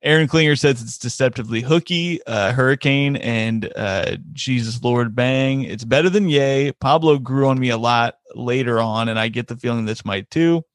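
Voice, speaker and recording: A man's voice: mid-range voice, moderate pace, hardly any pauses, no echo, studio quality. A man hosting a casual podcast chat who laughs often, swears freely and reads listener comments aloud. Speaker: podcast host.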